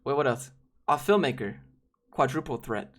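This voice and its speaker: A young man from Georgia hosting a casual livestream, reading chat and answering with quick, wry asides that trail off. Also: mid-range voice, expressive. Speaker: livestream host.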